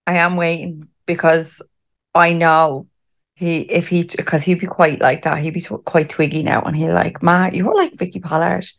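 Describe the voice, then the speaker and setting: A woman's voice: sits low, flat delivery, normal speed, vocal fry. A middle-aged woman co-hosting a podcast in casual chat, swearing freely and laughing often. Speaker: podcast co-host.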